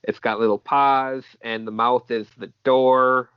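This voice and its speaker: A man's voice: mid-range voice, fairly even intonation, measured pace, smooth, dry recording. A man co-hosting a podcast, chatting casually and reading comic panels aloud in a laid-back way. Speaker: podcast co-host. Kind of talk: casual chat recapping a manga chapter. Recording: dull, dry lo-fi mic.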